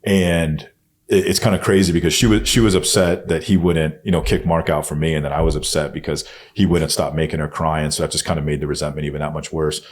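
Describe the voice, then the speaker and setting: As a guest on a podcast, a man with an extremely deep voice recounts something personal in a crude, straightforward way, swearing a lot. His tone becomes soft and hushed each time he quotes himself.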